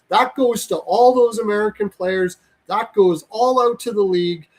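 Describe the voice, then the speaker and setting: Man, casual hockey rant, blunt, swears a lot, self-corrects, fairly high voice. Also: moderate pace, hardly any pauses, rough recording. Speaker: hockey podcast host. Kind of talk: casual opinionated chat.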